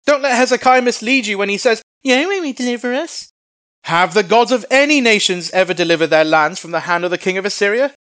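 A man voicing a brash, boastful male military commander who shouts mocking taunts loudly. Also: very high-pitched, dry recording, pitched above the performer's own voice. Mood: boasting. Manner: loud, mocking, bragging.

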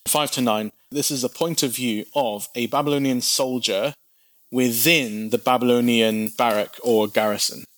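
A man's voice: mid-range voice, fairly even intonation, normal speed, no room sound. A man teaching a Bible passage verse by verse, in a conversational way that asks the listener questions as he explains.

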